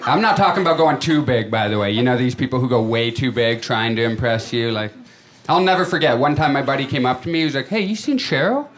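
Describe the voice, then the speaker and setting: A man doing a stand-up comedy set on a club stage, telling stories in a chatty way and acting out his friends in quick voices. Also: mid-range voice. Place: comedy club stage before a live audience. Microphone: handheld stage mic. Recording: live club recording with loud crowd laughter.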